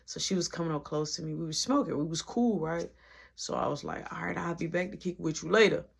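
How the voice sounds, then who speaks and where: A woman casually telling a story in slang, animated and full of quoted dialogue. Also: deep voice, fairly quick, creaky, husky. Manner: slangy, animated retelling with many quoted lines.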